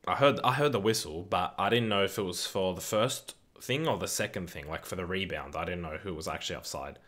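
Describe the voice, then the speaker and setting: Deep-voiced young man on a live stream. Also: brisk. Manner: excitable, swearing, reads chat aloud. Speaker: streamer hosting a football watch-along. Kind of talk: casual live-stream chat and commentary.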